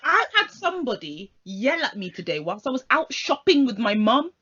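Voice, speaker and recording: Animated young woman telling stories. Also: on the high side, moderate pace, a little hiss or hum. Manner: animated storytelling, acting out quoted exchanges. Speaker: podcast co-host. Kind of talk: casual chat. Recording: dull lo-fi sound.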